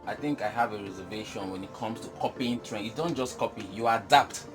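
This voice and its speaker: Male business guest, animated and emphatic, clear music bed behind. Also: lowish voice, a little fast. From Nigeria. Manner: animated, emphatic, laughs often. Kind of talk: casual chat.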